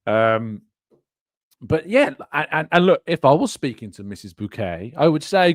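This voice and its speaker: A man's voice: a little high, big pitch swings, normal speed, dry recording, clean studio sound. A man hosting a live fan show, chatting loosely and laughing as he reads out viewer comments. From England. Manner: chatty, rambling, laughs often. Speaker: podcast host. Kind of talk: live-stream chat, reading viewer comments.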